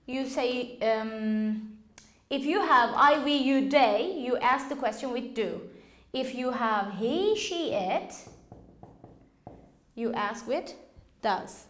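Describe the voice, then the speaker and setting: Slow, high-voiced woman teaching English. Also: fairly bright tone. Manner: slow, patient explaining with questions to students. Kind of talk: classroom teaching. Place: classroom. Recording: echoey classroom.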